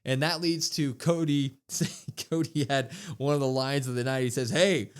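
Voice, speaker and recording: A man co-hosting a wrestling podcast, retelling a show in a casual, animated way and acting out the quotes. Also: medium pitch, normal speed, clean tone. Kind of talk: casual recap chat.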